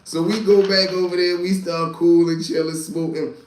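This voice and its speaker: Delivering in a flat, somewhat high voice at a moderate pace, a man casually tells a live crowd a profane, wandering street story. He's a storyteller and channel host given to many asides, recorded with a roomy echo.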